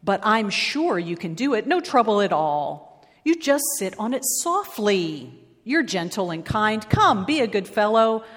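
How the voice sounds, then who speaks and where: A woman's voice: medium pitch, sing-song, measured pace, big-room sound. A woman voicing a lazy, whiny female bird who coaxes others into doing her work. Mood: coaxing. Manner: complaining, coaxing.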